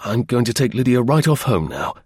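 A man's voice: medium pitch, little pitch movement, fairly quick, vocal fry, a little mellow, husky, no echo, clean studio sound, voice pushed up, exaggerated voice. A man voicing a shaken young husband who speaks in a strained, pleading way in an audiobook. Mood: eager.

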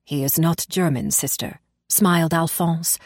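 A woman's voice: sits low, unhurried, no echo, clean studio sound. A woman reading the part of a friendly male resistance worker, explaining in an easy, sly way.

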